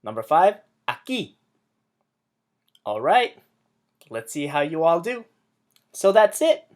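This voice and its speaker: A man's voice: a little high, very animated, a little slow, darkish tone. A man teaching a beginner Spanish lesson, patiently explaining rules and saying example words with wrong and right stress side by side.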